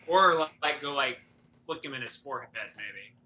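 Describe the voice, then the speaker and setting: A man's voice: mid-range voice, animated, moderate pace, pushed and bright, a little hiss or hum, low-quality recording. A man playing in a tabletop game, hesitantly thinking aloud about his moves. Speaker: player. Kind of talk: casual chat at a tabletop game.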